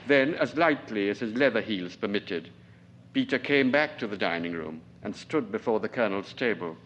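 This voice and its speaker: A novelist in his forties from Trinidad, reading his own fiction aloud at a lecture in a measured, deliberate way. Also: lowish voice, animated, a bit bright, lo-fi sound, slight background noise. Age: 40s.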